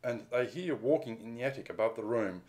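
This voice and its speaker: A man's voice: mid-range voice, fairly quick, darkish tone. Dry man reading news. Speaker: podcast co-host. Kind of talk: reading news items aloud in a casual chat.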